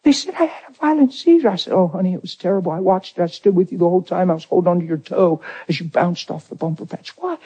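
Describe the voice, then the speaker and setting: A man preaching a personal testimony, acting out the dialogue, swinging from near shouts to hushed tones. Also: high voice, fast talker, hardly any pauses, husky, muffled recording. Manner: acts out dialogue in his story. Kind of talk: testimony sermon.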